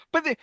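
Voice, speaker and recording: A man's voice: pushed and bright, no echo. A man in his forties, a podcast co-host, telling stories animatedly in casual chat and laughing often.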